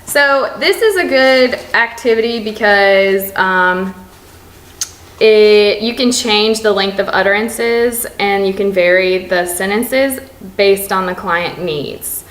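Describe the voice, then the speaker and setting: A young woman, a speech therapy student clinician, explains and models exercises in a recorded teaching demonstration, often pausing with "um". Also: medium pitch, fairly bright tone. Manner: explanatory, with frequent um fillers. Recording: roomy echo.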